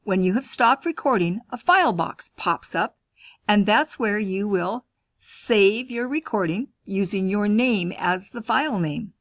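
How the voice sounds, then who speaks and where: A woman school librarian teaching students, clear and instructive, posing questions and answering them herself. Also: medium pitch, animated, a little slow, no echo. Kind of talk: classroom lesson, talking to students.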